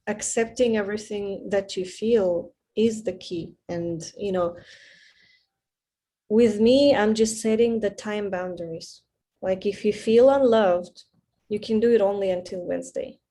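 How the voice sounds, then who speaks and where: Candid woman with a mellow voice. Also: medium pitch, unhurried. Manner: candid, animated storytelling with laughs. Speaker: class participant, mother. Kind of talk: casual chat.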